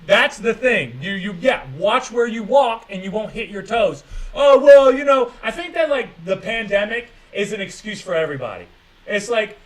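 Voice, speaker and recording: A man's voice: high-pitched, animated, moderate pace, rough recording. A man hosting a casual livestream chat, rambling and swearing, mocking people's excuses with sarcasm and reading viewer comments aloud. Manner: profane, sarcastic, mocking voices of others. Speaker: livestream host.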